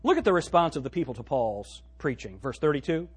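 Animated male pastor, slightly high and husky, sermon delivery. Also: a little fast. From United States. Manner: animated preaching, swinging from loud to hushed; quotes scripture in old-fashioned wording.

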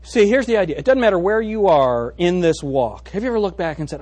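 A male preacher with a somewhat high, husky voice that swings widely between lows and sudden highs. He preaches with animation, asking the congregation one question after another and calling for amens. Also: fairly quick, few pauses. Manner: animated preaching with rhetorical questions, calls for amen. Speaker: pastor. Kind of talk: sermon. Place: church service before a congregation.

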